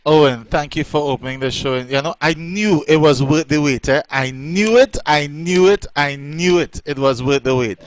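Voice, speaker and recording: A man hosting a live show, chatty, effusive and quick to laugh. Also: a little high. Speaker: host.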